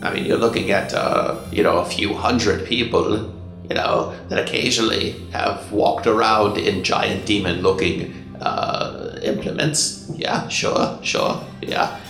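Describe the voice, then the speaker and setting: Man doing a rambling storyteller of legends, gravelly and low, roomy echo, soft music behind, game narration. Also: steady tone, measured pace. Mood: wry. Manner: digressive, full of fillers and asides. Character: rambling male in-world chronicler, wry.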